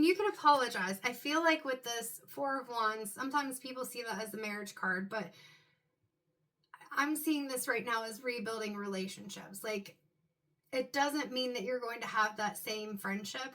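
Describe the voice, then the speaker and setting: A woman giving an intuitive tarot reading to her viewers, talking in a loose, musing way and filling pauses with "um" and "like". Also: on the high side, sharp tone. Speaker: tarot card reader.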